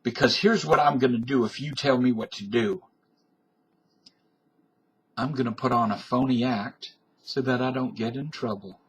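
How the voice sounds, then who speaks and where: A man's voice: mid-range voice, normal speed, long pauses, breathy edge. A middle-aged man from Canada giving a defiant, blustering comic rant to his webcam, tough-talking and profane. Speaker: vlogger. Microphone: webcam microphone.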